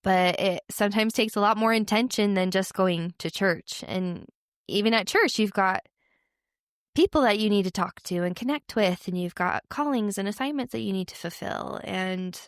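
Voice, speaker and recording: A woman's voice: medium pitch, normal speed, no echo, clean studio sound. A young woman hosting an interview podcast, speaking in a casual, reflective and encouraging way. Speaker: podcast host.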